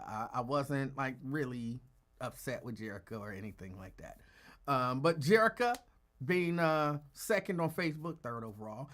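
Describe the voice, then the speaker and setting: A man's voice: high voice, fairly bright tone. A man hosting a casual live call-in stream, greeting viewers by name in a rambling, self-correcting way that sometimes drops to a mutter. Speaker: host of a live call-in show.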